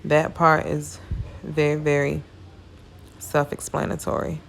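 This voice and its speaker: A woman's voice: low voice, completely flat delivery, measured pace, vocal fry, slight background noise. A tired woman giving a casual, chatty hair braiding tutorial, talking her viewers through each step. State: tired, yawning.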